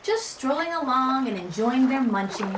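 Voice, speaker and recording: A woman reading a rhyming children's book aloud in an animated, sing-song way, as a homeschool mom. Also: sits high, moderate pace, roomy sound, noisy background. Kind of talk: children's storybook read-aloud.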